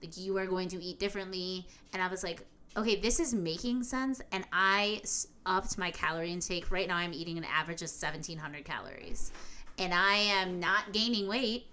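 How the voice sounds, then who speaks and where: A woman's voice: fairly low pitch, fairly quick, pushed and bright. A woman co-hosting a podcast who talks candidly in casual chat and swears freely. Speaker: podcast co-host.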